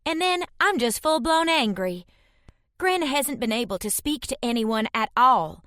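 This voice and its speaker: A woman narrating a fantasy romance audiobook in first person, reading tensely and dramatically, voicing shouted dialogue. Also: on the high side, expressive, measured pace, no echo, studio quality.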